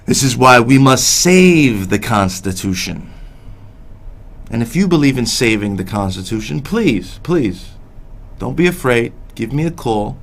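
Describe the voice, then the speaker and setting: A man's voice: medium pitch, very animated, a little slow. Ranting male call-in radio host. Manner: heated, repetitive, swears under his breath. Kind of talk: ranting political call-in talk.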